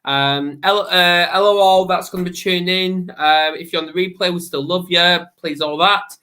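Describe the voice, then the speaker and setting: A man's voice: high-pitched, steady tone, normal speed, sharp tone. A man hosting a casual talk show, rambling and correcting himself in good humor. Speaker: podcast host. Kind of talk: casual show intro and chat.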